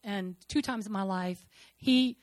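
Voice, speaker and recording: A woman shares her testimony with a congregation in a fervent, repeating cadence. Her voice climbs into loud declarations, then drops to near-murmurs. The sound is dry and close, with no room echo. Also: mid-range voice, unhurried. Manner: fervent, repetitive, swings between loud declarations and hushed murmurs. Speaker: speaker sharing a personal testimony. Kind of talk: emotional church testimony.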